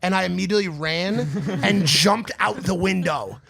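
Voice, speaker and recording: Brief: man on a podcast, bright and forceful tone, telling wild stories loosely and animatedly. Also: moderate pace, vocal fry. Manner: animated, crude storyteller who mimics others in a high voice. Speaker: podcast co-host. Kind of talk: casual podcast storytelling.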